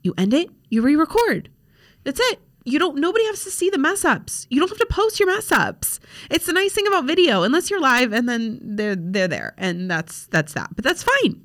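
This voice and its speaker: A young woman, a social media coach, hosts a podcast from her home desk with a laptop, chatting frankly and casually with plenty of fillers. Her high-pitched voice swings widely in pitch, fairly bright in tone, at a normal speed.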